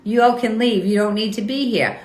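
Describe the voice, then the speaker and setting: A woman's voice: fairly high pitch, fairly quick, darkish tone. A woman hosting a live online talk show, arguing with her viewers in a confrontational, profane, indignant way. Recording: roomy echo.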